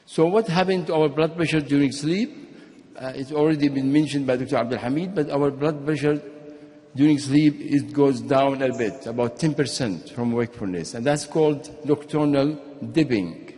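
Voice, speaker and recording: A man's voice: medium pitch, normal speed. Man lecturing in a reverberant hall. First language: Arabic. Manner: explanatory, steady, sometimes restarts and repeats words. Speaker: physician giving a conference talk. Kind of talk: medical conference lecture.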